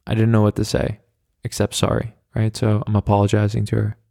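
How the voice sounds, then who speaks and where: Podcast host, male, low and even delivery, self-deprecating rambler. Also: fairly quick, gravelly, no room sound, clean studio sound. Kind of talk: casual solo storytelling. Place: his own flat, walking around. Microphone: handheld mic carried around.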